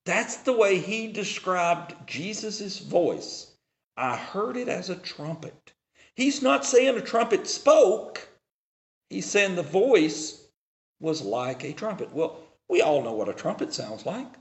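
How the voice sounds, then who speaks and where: A male preacher with a slightly higher voice delivers a sermon at an unhurried pace. His pitch moves animatedly as he explains the text. He declaims scripture in a raised voice and pauses for effect between phrases. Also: very animated. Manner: slow, deliberate preaching with dramatic pauses and swings in loudness.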